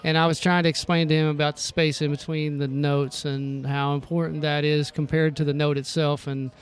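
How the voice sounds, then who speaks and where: A man with a fairly high voice, a drum teacher talking as a guest at a music store event. He explains in a halting way, restarting and repeating words as he goes. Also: little pitch movement. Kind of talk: casual chat.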